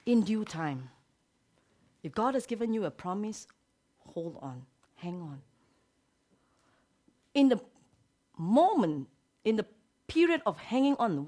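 A woman pastor preaching a sermon. She drops to hushed whispers, then rises to loud exclamations. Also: medium pitch, big pitch swings, measured pace, long pauses.

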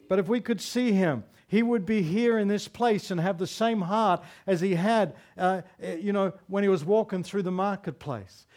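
A man's voice: high voice, a little mellow. Man preaching a sermon with refrains. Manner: preaching with repeated refrains and rhetorical questions. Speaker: pastor.

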